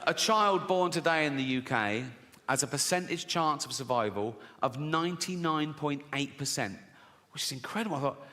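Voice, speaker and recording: A man's voice: fairly high pitch, sharp tone. A man with an English accent doing a provocative, sweary stand-up routine in a conversational way. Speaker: stand-up comedian. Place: large live venue. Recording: echoey hall with audience noise.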